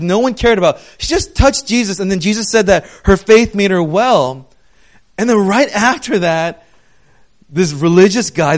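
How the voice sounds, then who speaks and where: A male pastor with a slightly high voice preaches in a relaxed, conversational way. He drops low and quiet to retell a story, then climbs louder and more emphatic to drive his point home. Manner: conversational, swings between hushed storytelling and emphatic raised points. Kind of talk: sermon.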